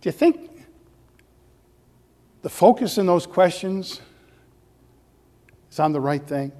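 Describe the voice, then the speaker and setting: A man preaching a sermon as pastor, earnest and full of rhetorical questions, his voice growing animated as he goes. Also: high voice, slow pace, big-room sound.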